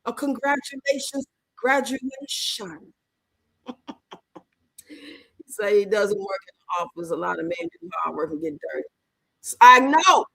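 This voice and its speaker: A woman hosting a casual livestream in African American Vernacular English, loud and animated, cursing freely. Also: high voice, no room sound, rough recording. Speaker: livestream host.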